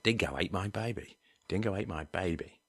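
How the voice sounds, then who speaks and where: A man's voice: deep voice, moderate pace, fairly bright tone, husky, dry recording, exaggerated voice. A man putting on a stereotyped Australian bloke in a put-on Australian accent, with a mocking, exaggerated delivery. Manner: mock, exaggerated catchphrase delivery.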